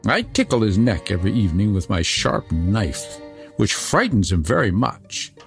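A man voicing a fierce, bossy little robber girl who speaks in a brisk, commanding way. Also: fairly low pitch, sing-song, creaky, faint music behind.

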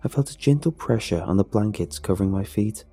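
Man, low voice, very dark and mellow tone, husky, slow somber horror narration. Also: animated, faint music behind.

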